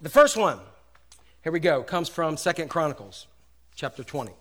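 High-pitched male pastor, middle-aged, chatty sermon, loud bursts then quiet asides. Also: moderate pace, a little hiss or hum. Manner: animated and conversational, drops from loud exclamations to soft asides.

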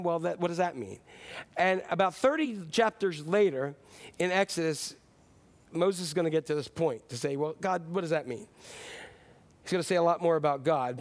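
High-voiced man preaching conversationally. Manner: conversational, animated preaching with acted-out quotes. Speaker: pastor. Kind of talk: sermon.

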